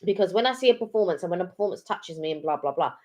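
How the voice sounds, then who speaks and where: A woman's voice: lowish voice, lively intonation, very fast, warm tone. A middle-aged woman, co-hosting a live chat and telling stories in a rambling way, full of ums and restarts. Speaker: co-host of a live chat stream. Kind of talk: casual chat.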